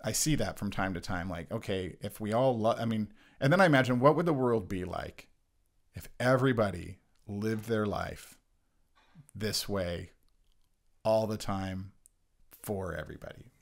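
Earnest halting man discussing scripture. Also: lowish voice. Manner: earnest, halting, many restarts and "like". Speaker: church podcast co-host. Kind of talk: casual reflective Bible discussion.

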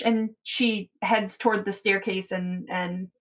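A woman's voice: medium pitch, steady tone, slow pace, hardly any pauses. A woman narrating as game master in a tabletop game, talking loosely with plenty of fillers.

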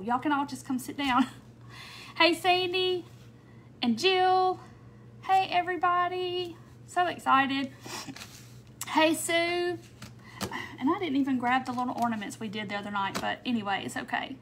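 Woman with a high, bright voice, hosting a craft livestream; casual and chatty, greets everyone by name. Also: normal speed, long pauses, a little hiss or hum. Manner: chatty, warm welcomes, frequent little laughs and "um"s.

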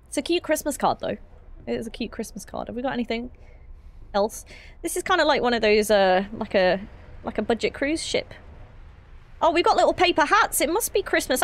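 A young woman streaming a horror game, chatty and giggly with rambling asides. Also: a little high. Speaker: gaming streamer. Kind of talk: casual let's-play commentary.

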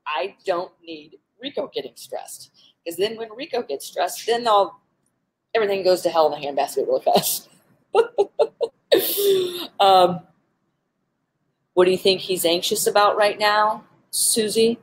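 A woman's voice: medium pitch, sing-song, measured pace, long pauses, breathy edge, low-quality recording. A woman who works with animals, hosting a casual live stream, talking earnestly with frequent ums and restarts. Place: indoors with animals around.

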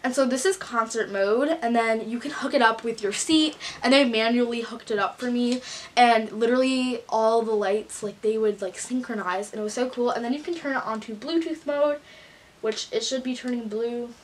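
A woman's voice: fairly high pitch, normal speed, slight background noise. Gushing teen girl vlogger, lots of "like". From United States. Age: teens. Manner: gushing, filler-heavy, with many "like"s. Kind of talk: casual storytime vlog.

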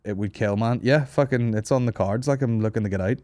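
A man's voice: mid-range voice, fairly quick, dark tone, no echo. A man hosting a comedy podcast, rambling and swearing as he jokes crudely with his co-host.

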